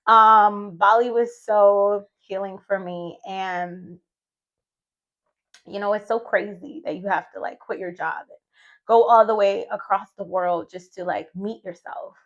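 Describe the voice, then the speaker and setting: A woman's voice: mid-range voice, steady tone, a little slow, fairly bright tone, dull audio. A woman in her thirties, a vlogger and retreat host, telling her own story in a chatty, heartfelt way and sometimes voicing her own past thoughts. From United States. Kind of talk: casual personal storytelling vlog.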